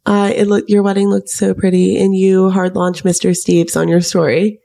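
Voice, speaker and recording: A woman's voice: medium pitch, level tone, normal speed, vocal fry, warm tone. A young woman in her twenties, co-hosting a podcast and telling a long story in a chatty way, full of "like" and "um". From United States. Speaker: podcast co-host. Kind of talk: casual chat.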